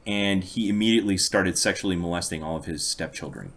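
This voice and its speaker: A man's voice: deep voice, fairly quick, fairly bright tone. A man co-hosting a podcast, casually telling long stories with dry amusement. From United States. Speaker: podcast co-host. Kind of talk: casual chat, storytelling.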